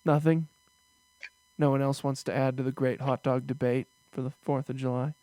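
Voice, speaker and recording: A man in his thirties, a podcast host in casual chat, telling stories with animated mock outrage. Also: medium pitch, moderate pace, no room sound.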